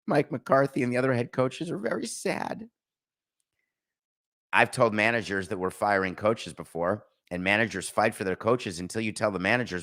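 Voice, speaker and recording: A man's voice: on the low side, lively intonation, moderate pace, fairly bright tone. A middle-aged man hosting a sports podcast, giving casual, sarcastic commentary and slipping into mock voices.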